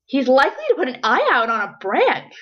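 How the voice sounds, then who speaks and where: A woman's voice: high-pitched, huge pitch swings, a little fast. Woman as whiny fussy old snake lady, storybook, lo-fi. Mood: disapproving. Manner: whining. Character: whiny older female python, prim. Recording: dull lo-fi recording.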